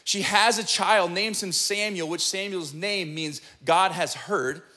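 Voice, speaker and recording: A male pastor preaches in a high, bright voice, emphatic and conversational. He often checks in with the listeners as he explains scripture, and his delivery keeps a forceful edge. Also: measured pace. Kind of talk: sermon.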